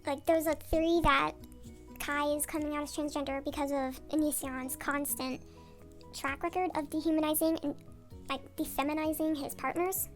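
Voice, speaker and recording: A woman's voice: fairly even intonation, normal speed, faint music behind. A young woman ranting sarcastically and rambling off-topic late at night in her bathroom, her voice digitally sped up. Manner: rambling, sarcastic, off-topic, with swearing and mock outrage. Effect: voice digitally sped up and pitched up. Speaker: YouTuber. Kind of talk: late-night rant vlog.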